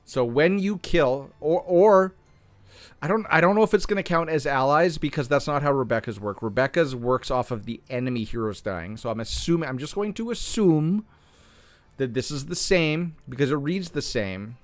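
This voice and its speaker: A man with a slightly hoarse voice reading game patch notes aloud and reasoning through them, often correcting himself mid-sentence. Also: fairly high pitch, animated, moderate pace, no echo. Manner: thinks aloud, restarts and self-corrects. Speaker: gaming content creator.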